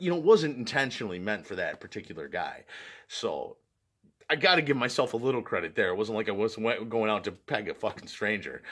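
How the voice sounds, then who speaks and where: A man's voice: medium pitch, fairly bright tone. A man vlogging, telling a personal story in a casual way, often laughing and using fillers like "like" and "you know".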